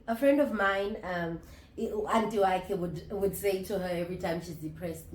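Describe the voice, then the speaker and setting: A woman's voice: mid-range voice, lively intonation. Candid woman in her thirties vlogging. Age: 30s. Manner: reflective, candid, halting with restarts. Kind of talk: confessional casual vlog. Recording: roomy echo.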